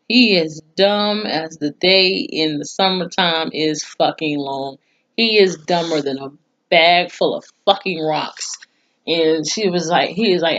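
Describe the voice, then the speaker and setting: Woman ranting through a tv recap, lowish voice, cussing a lot, kinda muffled lo-fi sound. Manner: blunt, profane, animated retelling with mock quotes. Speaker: TV show reviewer. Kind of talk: casual recap vlog.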